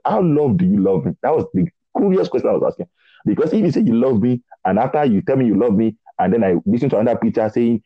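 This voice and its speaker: A young man from Nigeria sharing a personal faith testimony in conversation, animated and acting out dialogue. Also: on the low side, breathy edge, no room sound. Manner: animated storytelling, acts out dialogue, repeats words. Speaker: guest preacher. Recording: dull lo-fi dry sound.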